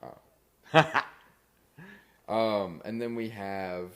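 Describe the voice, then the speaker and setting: Slow, hesitant young man off-mic. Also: lowish voice, fairly even intonation, fairly bright tone. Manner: hesitant, halting, fillers. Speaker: reader of viewer comments. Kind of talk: reading out live comments. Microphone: mic held too far from mouth.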